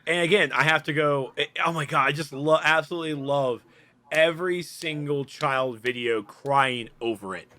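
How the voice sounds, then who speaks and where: A man co-hosting a casual gaming podcast, teasing and cracking crude jokes in an animated way. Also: a little high, moderate pace. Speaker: podcast co-host. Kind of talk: casual chat.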